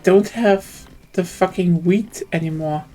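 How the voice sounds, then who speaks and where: A woman's voice: on the low side, steady tone, takes it slowly, warm tone, soft background music. A woman playing a game with a friend on stream, chatting casually and teasing her playfully. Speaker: co-player. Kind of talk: casual gaming chat.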